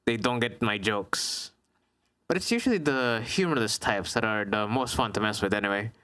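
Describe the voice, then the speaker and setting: A man's voice: lowish voice, expressive, moderate pace, bright, forceful tone. A man casually reading a visual novel aloud and joking about it as he goes. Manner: joking, chatty, reacts aloud. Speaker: streamer playing a visual novel.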